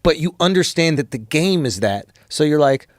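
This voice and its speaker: A man who is a podcast guest, chatting casually and eagerly and working through his ideas out loud. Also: fairly high pitch, expressive, normal speed, dry recording, studio quality. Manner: eager, thinks aloud, frequent interjections. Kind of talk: casual conversation.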